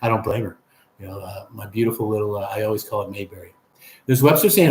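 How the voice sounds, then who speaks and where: A man's voice: on the low side, fast, a little mellow, echoey room. A man hosting a casual livestream, reading viewer comments aloud in a friendly, rambling way. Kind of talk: casual live chat.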